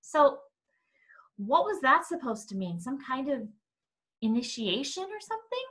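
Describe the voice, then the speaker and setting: Woman doing a hurt little boy, wary, bright voice, storybook. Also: sits high, very animated, unhurried, husky, pitched above the performer's own voice, exaggerated voice. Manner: wary, questioning. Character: young boy, upset and withdrawn.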